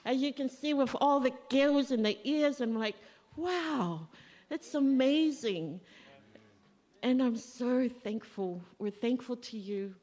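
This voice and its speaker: A woman's voice: fairly high pitch, fairly even intonation, measured pace, few pauses, a little mellow. A woman giving a eulogy for her father at a family funeral service, telling stories conversationally and acting out remembered dialogue. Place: church. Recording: long reverb of a church hall.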